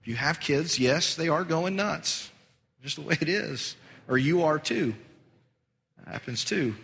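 A man preaching a sermon as pastor, animated and rising high and loud for emphasis. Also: a little slow, creaky, slightly rough. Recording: long hall reverb.

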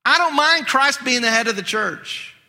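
Guy preaching a sermon, high bright voice, kinda hoarse, big reverby church sound. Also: normal speed. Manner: animated, conversational preaching with acted-out quotes. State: losing his voice. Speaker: pastor. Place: church sanctuary. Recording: long hall reverb.

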